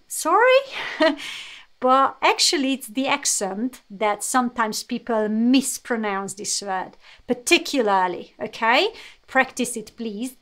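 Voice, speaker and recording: A woman with a Hungarian accent gives a live English lesson online. She addresses her viewers directly and keeps encouraging them. Her voice sits a little high for a woman. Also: fairly bright tone. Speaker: English teacher.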